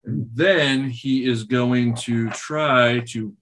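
A man narrating as game master in a tabletop game, laid-back and halting, laughing easily with his players. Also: mid-range voice, steady tone, background noise.

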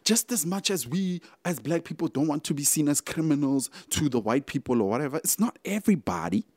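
Animated South African man hosting a podcast. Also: a little high, brisk, no room sound. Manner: animated, rambling, talks straight to listeners. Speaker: podcast host. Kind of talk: casual solo podcast talk.

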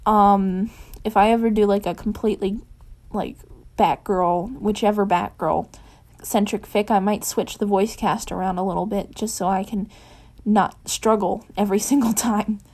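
Softly reading woman. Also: medium pitch, steady tone. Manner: soft, unhurried reading; chatty with many ums in the afterword. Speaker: fanfiction reader. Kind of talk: audiobook narration of fan fiction.

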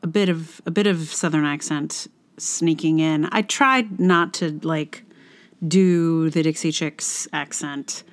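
A slow-talking woman podcast host, rambling and self-correcting. Her voice sits low for a woman, and she pauses between loose, halting phrases with fillers. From Virginia. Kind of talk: casual chat.

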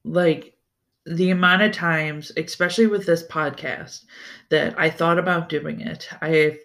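A man's voice: on the high side, steady tone, unhurried, vocal fry, sharp tone. A young adult man hosting a podcast on his own, talking in a loose, rambling way with lots of "like" and casual swearing. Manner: rambling and loose, swears freely, many fillers like "like". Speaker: podcast host. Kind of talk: casual solo podcast chat.

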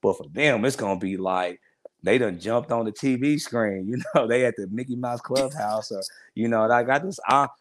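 This man, in his forties, speaks at a normal speed in a mid-range voice, with a little hiss or hum in the audio. As a guest on a podcast he talks candidly and warmly in a casual interview, wandering off and often starting sentences over.

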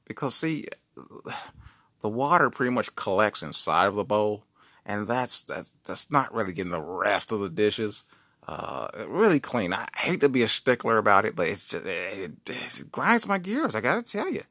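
A man's voice: on the low side, very animated, moderate pace, bright, forceful tone, dry recording, clean studio sound, heavily acted. A man doing a fussy, prim husband.

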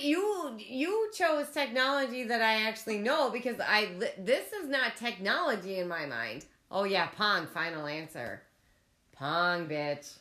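A woman in her forties chatting casually on a podcast, excitable and swearing freely. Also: mid-range voice, measured pace. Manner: excitable, swears freely, sing-song chanting. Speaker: guest. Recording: echoey room with faint noise.

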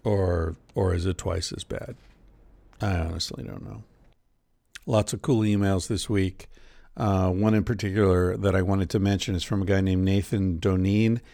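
A middle-aged man riffs through a casual podcast monologue with a sardonic, profane edge. His voice sits low and gravelly. The sound is close and dry. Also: fairly even intonation, normal speed, mellow, dry recording. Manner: sardonic, profane, jokey rants. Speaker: podcast host. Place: lives in Portland.

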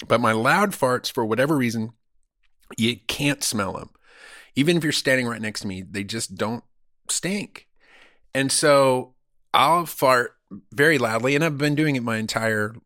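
Bright-voiced joking male podcast host. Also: mid-range voice, dry recording, clean studio sound. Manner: crude, joking storyteller, acts out quotes in funny voices. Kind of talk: casual comedic podcast chat.

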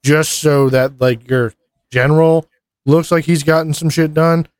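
A man's voice: fairly high pitch, level tone, a little slow, clean tone, no echo. A man co-hosting a casual podcast, rambling with lots of fillers and swearing. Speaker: podcast co-host. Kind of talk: casual profane chat.

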